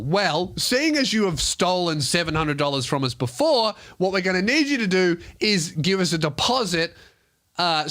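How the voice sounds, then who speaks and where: A man's voice: high-pitched, a bit bright. A young Australian man, a comedian and podcast host, telling an exasperated, profane story as a comic rant. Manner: exasperated, profane, mock-polite quoting.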